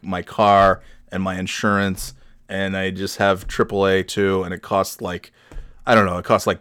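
This young man hosts a podcast and tells rambling, profane stories full of self-deprecating humor. His voice is deep with a fairly bright tone, recorded on a studio mic with no echo.

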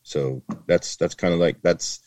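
A man's voice: deep voice, fairly even intonation, measured pace, a little mellow, no room sound. A middle-aged man, a retired border patrol agent, talking in a casual interview in an earnest, rambling way with many restarts.

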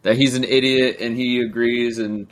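A man's voice: mid-range voice, flat delivery, moderate pace. A man co-hosting a casual podcast chat, talking in a rambling, hesitant way. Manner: rambling, hesitant with frequent ums and likes. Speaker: podcast co-host.

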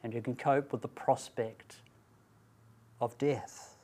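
A man giving a Bible talk at a student training event, speaking deliberately and emphatically and asking rhetorical questions. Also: mid-range voice, fairly even intonation, darkish tone, breathy edge.

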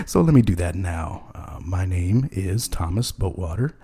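A man's voice: deep voice, measured pace, mellow, slightly rough. A man hosting a casual podcast, talking in a rambling, hesitant way full of ums and chuckling at his own jokes. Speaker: podcast host.

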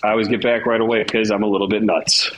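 A man's voice: lowish voice, level tone, fast talker, a bit bright, a little hiss or hum, low-quality recording. A man, a mortgage broker co-host on a radio talk show, jokey and emphatic.

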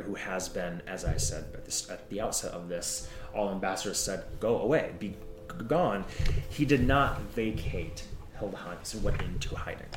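A man running a tabletop game, giving a grave in-character briefing with halting restarts. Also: on the low side, a little mellow, a little hiss or hum. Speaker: game master. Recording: echoey room.

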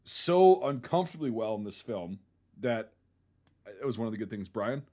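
A man hosting a casual podcast discussion, blunt and animated, swearing freely as he talks through a film. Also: on the low side, moderate pace. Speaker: podcast host.

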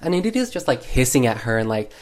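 Male host, mid-pitched, casual sarcastic film recap, lots of filler words. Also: big pitch swings, quick pace. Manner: sarcastic, heavy use of 'like' fillers.

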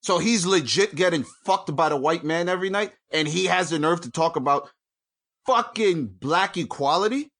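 A man hosting his own show from home, ranting angrily and with heavy profanity, jumping between loud outbursts and low mutters. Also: fairly quick, vocal fry, hardly any pauses. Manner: angry, profane, swings from shouting to mutters. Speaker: podcast host. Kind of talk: profane solo rant.

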